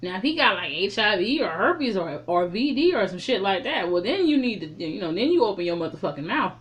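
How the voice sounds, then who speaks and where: A woman's voice: medium pitch, a little fast. Woman reviewer, blunt, swears freely, chatty recap with strong opinions. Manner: profane, blunt, animated storytelling. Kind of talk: casual recap and commentary.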